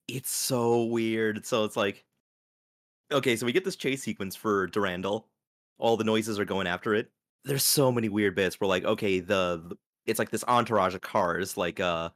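A man's voice: fairly low pitch, a bit bright, no room sound, clean studio sound. A man hosts a casual podcast, chatting about anime. He rambles through his points with plenty of "like" and "uh.". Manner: rambling, filler-heavy, laughs often. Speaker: podcast host. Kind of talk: casual anime review chat.

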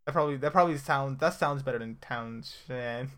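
A man's voice: a little high, very fast, fairly bright tone. A man co-hosting a casual chat about a TV episode, teasing his friend and laughing often. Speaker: podcast co-host.

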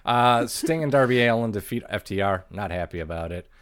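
A man's voice: fairly low pitch, expressive, brisk, fairly bright tone, clear, resonant tone. A man co-hosting a podcast in casual chat, laid-back and blunt with his opinions. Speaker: podcast co-host.

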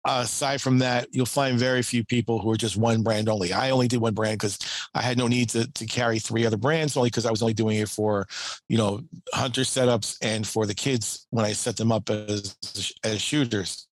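Measured man in a dry room. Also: lowish voice, steady tone, no room sound. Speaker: former archery shop owner. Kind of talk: casual chat.

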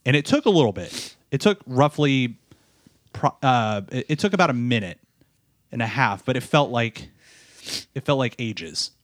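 Tired, halting man telling a story. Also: mid-range voice, lively intonation, no room sound, studio quality. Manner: halting, repeats words and restarts often. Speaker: podcast co-host, new father. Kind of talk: emotional personal storytelling.

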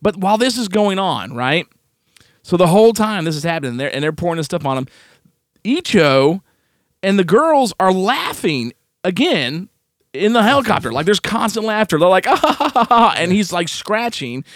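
A man co-hosting a podcast, casually reviewing a film in an animated, exasperated way, laughing often. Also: high voice, moderate pace, no echo, clean studio sound. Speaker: podcast co-host.

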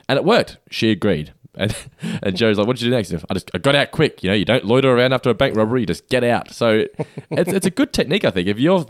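A man's voice: lowish voice, no echo, studio quality. A man co-hosting a podcast, casually recapping a sitcom episode with frequent fillers. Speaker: podcast co-host.

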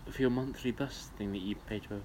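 Man, quick talker, dry teasing banter, podcast co-host. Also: lowish voice, darkish tone, a little hiss or hum. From Luton, England. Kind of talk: casual chat.

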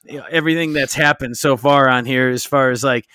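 A man's voice: mid-range voice, fairly even intonation, a little fast, bright, forceful tone, smooth. Easygoing man teasing his co-host. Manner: easygoing, teasing, many short agreements. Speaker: podcast co-host. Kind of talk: casual chat.

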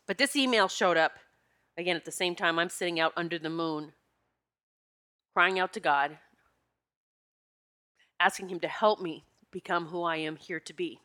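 Fairly low-pitched yet bright and forceful, this woman speaks at a normal speed and pauses often. A podcast host and spiritual teacher, she shares a personal story with deep emotion, tearful and sniffling as she fights back tears.

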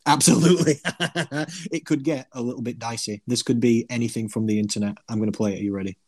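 A man's voice: mid-range voice, fairly even intonation, quick pace, a little mellow, dry recording. A man hosting a podcast, upbeat and laughing easily. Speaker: podcast host. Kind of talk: casual chat.

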